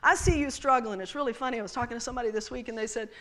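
Bright-voiced, high-pitched preacher woman. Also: very fast. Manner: playful, teasing, addressing the congregation directly. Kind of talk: sermon with props.

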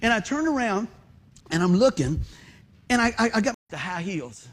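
A man preaching as pastor, telling lively stories and bursting into shouts. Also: sits high, moderate pace. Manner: animated storytelling, loud shouted bursts. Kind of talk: sermon. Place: church sanctuary.

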